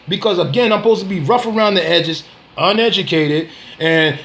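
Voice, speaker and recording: Guy with a high voice going off on a casual vid rant, street slang, keeps repeating himself, laughs it off. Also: a little fast, a bit bright. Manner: laughs scornfully between lines. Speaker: dog breeder and vlogger.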